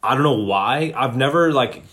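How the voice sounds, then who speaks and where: A man's voice: medium pitch, expressive, moderate pace, a bit bright. Chatty teasing podcast co-host man. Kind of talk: casual chat.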